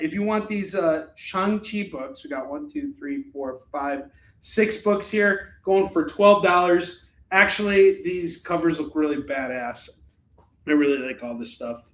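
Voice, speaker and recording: A man's voice: high voice, a bit bright. A man hosting a live shopping stream, chatting in a joking, profane, rambling way. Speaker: live shopping show host. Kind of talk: casual live-stream sales chat. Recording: roomy echo.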